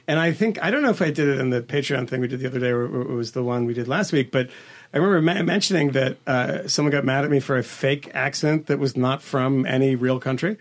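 A man's voice: mid-range voice, fast. A man hosting a podcast, rambling through casual political talk with lots of hesitant restarts. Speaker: podcast host.

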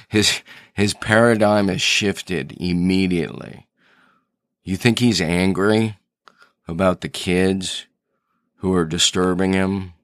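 Podcast host, man, deep unhurried voice, earnest storyteller, close dry mic. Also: fairly even intonation, dry recording. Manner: earnest storyteller, thinking aloud with restarts. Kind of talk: reflective solo podcast talk.

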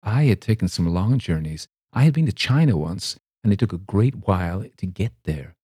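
A man reading a classic story aloud in a measured, gentle storytelling manner. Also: low voice, lively intonation, husky, dry recording, clean studio sound. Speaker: reader.

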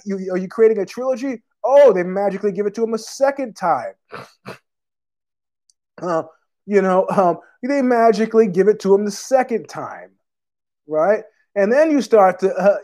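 A man's voice: sits high, dark tone. A man hosting his own podcast, rambling through a profane, digressive monologue full of fillers, with a cough. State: has a cough. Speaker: podcast host.

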